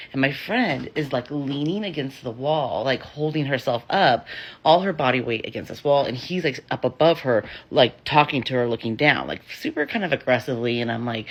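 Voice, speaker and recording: A woman in her thirties telling a personal story in a casual, animated way, acting out the voices of the people in it. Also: a bass voice, breathy edge.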